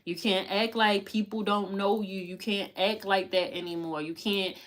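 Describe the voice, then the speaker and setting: A woman's voice: medium pitch, fairly even intonation, normal speed. A woman giving a live tarot reading, talking in emphatic, repetitive, slangy bursts full of profanity and pep-talk urging. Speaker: tarot reader.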